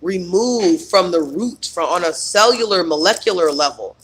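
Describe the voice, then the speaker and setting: A man's voice: high-pitched, animated, moderate pace, a bit bright, slight background noise. A man coaching on trauma healing in a rambling, emphatic spiritual self-help monologue full of fillers.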